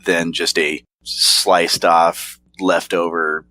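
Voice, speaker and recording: Low-voiced laid-back man. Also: level tone, drawn-out words, pushed and bright. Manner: laid-back, rambling, chuckles often. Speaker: podcast co-host reviewing snacks. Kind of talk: casual chat.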